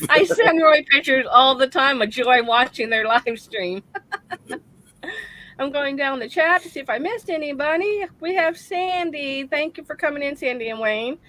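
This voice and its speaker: A woman with a high voice hosts a casual live stream, greeting chat viewers by name. She laughs often and talks through a cold. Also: animated, unhurried, pushed and bright. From South Texas. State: has a cold, sneezing.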